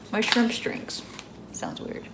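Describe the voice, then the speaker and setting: A woman's voice: on the high side, lively intonation, very slow, vocal fry, very noisy. Chatty self-mocking woman vlogging crafts. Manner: chatty, rambling, self-mocking with little laughs. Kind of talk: casual DIY craft vlog.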